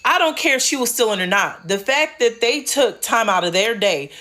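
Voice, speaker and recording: A woman's voice: on the high side, lively intonation, moderate pace, pushed and bright. A woman giving firm, critical commentary to camera.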